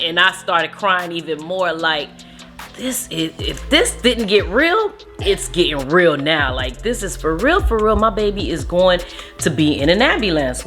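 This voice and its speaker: A young mother casually telling a story to her viewers, animated and acting out what people said. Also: mid-range voice, measured pace, faint music behind. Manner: animated retelling, acts out quotes. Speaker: vlogger, mother.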